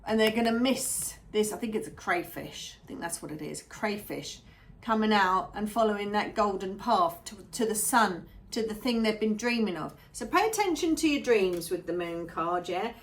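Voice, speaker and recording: A woman's voice: medium pitch, animated, moderate pace. A woman giving a casual tarot reading, musing aloud and repeating phrases as she goes. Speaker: tarot reader.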